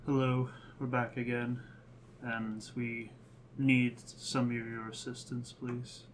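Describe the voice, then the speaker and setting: A man's voice: medium pitch, flat delivery, slow, a little hiss or hum. A man playing a tabletop game, switching casually between joking and speaking in character. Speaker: player.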